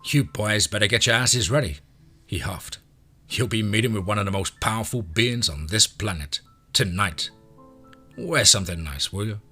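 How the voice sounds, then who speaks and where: A man's voice: lowish voice, moderate pace, sharp tone, husky, soft background music. A man voicing an eager, commanding old male reptile creature who speaks in a pushy, gleeful way.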